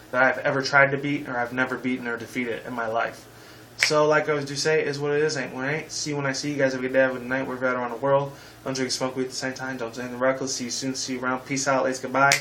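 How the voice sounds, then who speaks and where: A man's voice: mid-range voice, little pitch movement, fast talker, sharp tone, a little hiss or hum, rough recording. A man in his twenties hosting a casual game-review video, rambling and heated, with frequent swearing. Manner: casual sign-off slang. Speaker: gaming video host.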